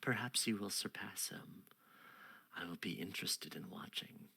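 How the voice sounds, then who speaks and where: A man's voice: deep voice, creaky, breathy edge, exaggerated voice. A man whispering as a sly ancient fae queen. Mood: cryptic. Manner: hushed, teasing, unhurried.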